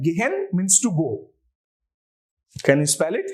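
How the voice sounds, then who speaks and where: A man's voice: sits high, very animated, a little slow, a little mellow. A man with an Indian English accent, teaching an online language lecture and patiently spelling words out letter by letter.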